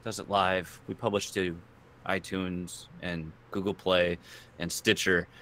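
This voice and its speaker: A man co-hosting a live podcast, excitable and jokey in casual chat. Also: deep voice, measured pace, slight background noise. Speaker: podcast co-host.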